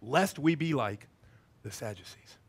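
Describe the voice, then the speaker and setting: A male pastor preaching a sermon, telling the story in an animated way and acting out the scenes. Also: mid-range voice, unhurried, slightly rough.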